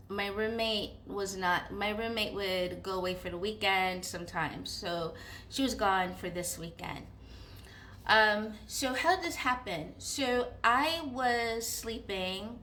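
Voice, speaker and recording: A young woman casually telling a personal story, animated, with many fillers and acted-out inner dialogue. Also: mid-range voice, a little hiss or hum. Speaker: vlogger.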